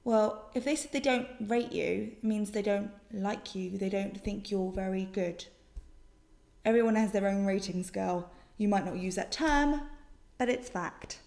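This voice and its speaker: A woman's voice: mid-range voice, measured pace, creaky, a little mellow. A young British woman answering viewer questions in a casual vlog, with a sassy, defensive, jokey manner. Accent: British English. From Britain. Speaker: vlogger. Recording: echoey room.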